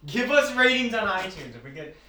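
A young man co-hosts a loose podcast chat, joking in slang and laughing often. His voice sits a little high and swings widely in pitch. He is recorded at a distance in an echoey room. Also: sing-song, a little fast, sharp tone, a little hiss or hum. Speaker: podcast co-host. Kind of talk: casual chat. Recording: echoey room, far from mic.

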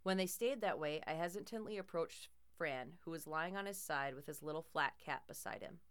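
A woman's voice: low voice, moderate pace, smooth. A woman narrating a first-person horror story in a tense, dramatic way.

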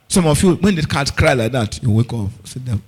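A man's voice: medium pitch, expressive, fairly quick, darkish tone, breathy edge. A man preaching a fervent sermon, often asking the congregation if they are following and repeating key words for emphasis. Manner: call-and-response questioning of the congregation.

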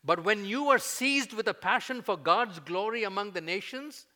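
A man preaching a sermon, conversational with fillers, building to loud, emphatic peaks as he voices prayers. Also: sits high, lively intonation, normal speed, hardly any pauses. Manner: fillers and restarts, conversational teaching.

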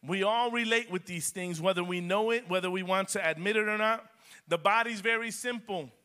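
A man's voice: high voice, moderate pace, pushed and bright. A man preaching a sermon in a church as pastor, repeating phrases and building emphasis. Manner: preaching with rising emphasis and repetition.

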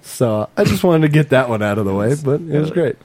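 Guy hosting a nerd podcast, lively up and down voice, laughs a lot. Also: medium pitch, fairly quick. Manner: laughing often, leading the banter. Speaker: podcast host. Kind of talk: casual podcast chat.

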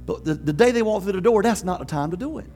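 High-voiced pastor preaching conversationally. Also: male voice, fast talker, faint music behind. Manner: lively, conversational preaching with laughs and acted quotes. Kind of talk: sermon.

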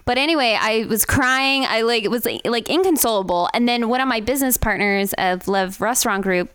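A young woman chatting casually as a podcast guest, telling a story in an animated way, swearing and acting out other people's voices. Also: fairly high pitch, a little fast, clean tone, dry recording.

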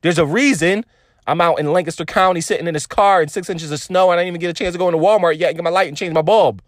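A man in his thirties talking to his phone from a parked car, in a rambling, excited monologue full of restarts. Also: high-pitched, very fast, no echo, studio quality. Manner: animated, rambling, stammering restarts. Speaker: vlogger reacting to an album. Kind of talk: casual emotional monologue.

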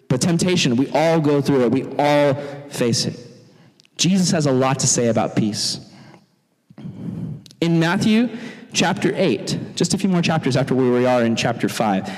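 A man preaching to young people as their pastor, animated and jokey, acting out quotes in funny voices. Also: mid-range voice. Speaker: youth pastor. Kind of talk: sermon. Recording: long hall reverb.

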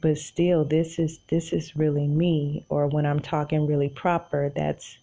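Low gravelly-voiced woman from Oklahoma. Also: flat delivery, a little slow, warm tone. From Tulsa, Oklahoma. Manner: chatty, addresses listeners as y'all. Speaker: podcast host. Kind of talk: casual solo monologue. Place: in bed.

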